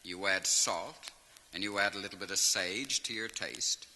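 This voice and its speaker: A comedian performs live stand-up on record, telling comic stories animatedly and laughing at his own punchlines. His voice is low and his speed normal, and the vinyl transfer has long hall reverb and faint hiss.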